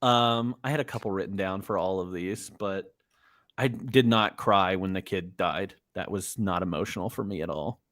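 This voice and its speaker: A man co-hosting a casual movie podcast, relaxed and a little hesitant, laughing often. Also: sits low, moderate pace. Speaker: podcast co-host. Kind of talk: casual movie review chat.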